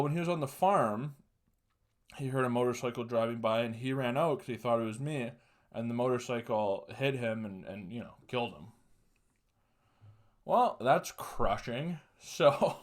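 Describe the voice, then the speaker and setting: Profane young man telling a story. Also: medium pitch. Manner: profane, laughing, quoting voices. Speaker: podcast host. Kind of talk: casual storytelling.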